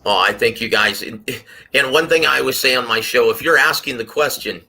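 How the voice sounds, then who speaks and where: A man giving his take on a boxing panel, telling stories and acting out quotes in a lively way. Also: medium pitch, fairly quick, gravelly. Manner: animated storyteller, acts out quotes. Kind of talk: casual panel commentary.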